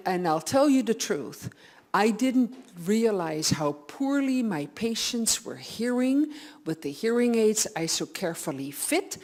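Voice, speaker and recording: Energetic, blunt woman audiologist presenting. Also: mid-range voice. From Netherlands. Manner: energetic, blunt and animated, acting out quoted patients. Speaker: audiologist, conference speaker. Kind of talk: presentation to hearing care professionals. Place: lecture hall with a live audience.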